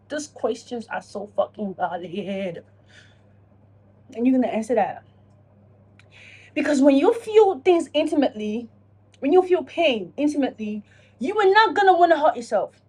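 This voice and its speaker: A woman talking casually to camera in a self-reflection vlog, animated and profane, acting out her own inner dialogue. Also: sits high, moderate pace, pauses often. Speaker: vlogger.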